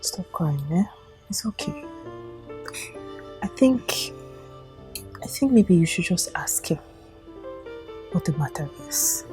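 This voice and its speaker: A woman's voice: mid-range voice, darkish tone, lightly acted. An actress playing a two-faced female friend who coaxes and often ends her lines with 'eh?'. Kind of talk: film drama acting.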